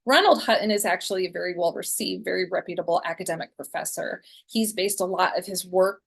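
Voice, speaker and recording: A woman's voice: fairly low pitch, fast talker, vocal fry, husky. Chatty woman in her forties lecturing. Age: 40s. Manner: chatty, frequent ums and restarts. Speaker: guest speaker. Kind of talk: conversational lecture presentation.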